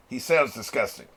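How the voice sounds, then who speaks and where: This reaction channel host, a middle-aged man, keeps up casual chatter while watching, with frequent laughs and plenty of swearing. His medium-pitched voice is a bit bright with a breathy edge.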